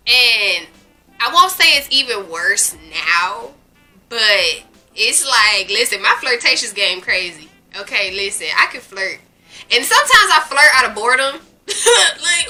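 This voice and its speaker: A young woman in her twenties talks straight to her viewers in a frank, playful, animated way, drawing out her asides. Her voice is bright and sits a little high. Soft music plays underneath. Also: moderate pace, low-quality recording. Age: 20s. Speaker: vlogger. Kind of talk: candid casual talk to camera.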